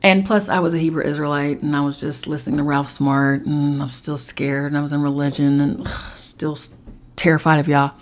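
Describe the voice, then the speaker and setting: Low-pitched lady on her podcast, telling a wild story, animated, swears a lot. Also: brisk. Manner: animated, swearing, acts out voices of others. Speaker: podcast host. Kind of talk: casual storytelling monologue.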